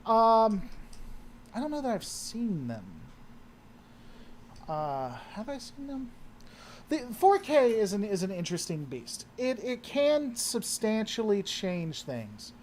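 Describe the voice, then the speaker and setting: A man's voice: high-pitched, very animated, takes it slowly, slight background noise. A man hosting a casual livestream, answering chat and often trailing off and restarting his sentences.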